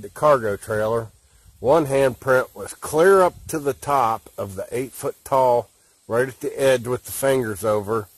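A man casually explaining and demonstrating an encounter at his trailer in plain, rough-edged talk. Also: mid-range voice, no echo. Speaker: guest recounting an encounter.

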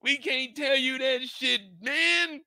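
A man voicing a tough young street hustler who is gruff, blunt and dismissive. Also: extremely high pitch, slow pace, bright, forceful tone, no echo, pitched above the performer's own voice, exaggerated voice. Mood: defensive.

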